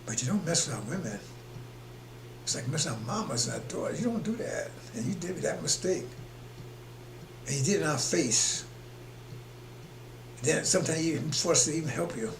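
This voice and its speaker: A man preaches in a slightly high, gravelly voice, rambling and emphatic as he chuckles between points. He is recorded in an echoey room with a faint hum behind him. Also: animated, normal speed, pauses often. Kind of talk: preaching broadcast.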